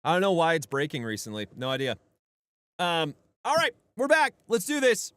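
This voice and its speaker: A young man live streaming a game, excitable, swearing and often shouting. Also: a little high, normal speed, smooth, dry recording. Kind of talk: live gameplay streaming with voice chat.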